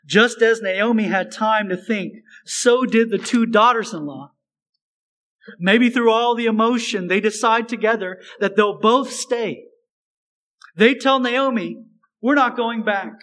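Male pastor, sermon delivery, high voice, unhurried, emphatic repeats. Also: a bit bright, low-quality recording. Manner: earnest, emphatic, repeats phrases for stress.

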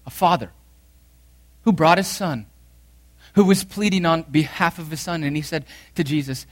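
A male pastor giving an earnest sermon, reading scripture aloud and repeating key phrases, his voice swinging from loud emphasis to hushed intensity. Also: fairly high pitch, expressive, moderate pace.

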